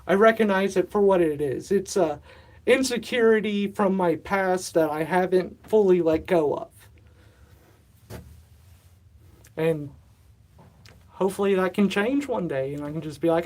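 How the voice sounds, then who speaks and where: A man in his thirties, slightly out of breath, rambles through a casual livestream chat. He fills his talk with asides and self-deprecating remarks. He talks from a warm, humid indoor room. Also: high voice, expressive, a little slow, pauses often. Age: 30s. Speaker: livestream host. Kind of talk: casual live-stream chat.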